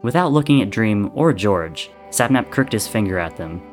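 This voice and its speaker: Man narrating a story, kinda low voice, measured and calm, faint music behind. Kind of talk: reading fan fiction aloud.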